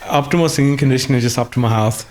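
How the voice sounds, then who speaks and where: A man's voice: medium pitch, very fast, darkish tone. A man in a conversational interview, speaking thoughtfully with hesitant restarts, his voice still recovering after an illness. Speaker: guest musician.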